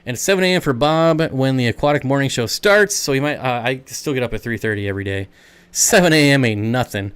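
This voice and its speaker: Smooth-voiced chatty male stream host. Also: mid-range voice, expressive, fast talker, a bit bright. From United States. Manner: chatty, rambling, reads and answers chat comments. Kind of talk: casual live stream Q&A.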